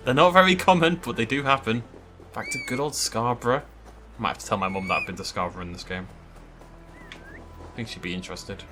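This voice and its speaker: A man chatting casually and excitably over his gameplay, swearing lightly as he goes. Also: medium pitch, a little fast, pauses often, over music. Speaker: let's play host.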